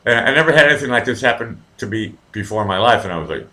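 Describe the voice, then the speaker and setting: Profane, lively man rambling. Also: fairly low pitch, rapid-fire, hardly any pauses. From Boston, USA. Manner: profane, rambling storyteller with many fillers and restarts. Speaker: livestream host reading viewer comments. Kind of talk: casual live-stream chat.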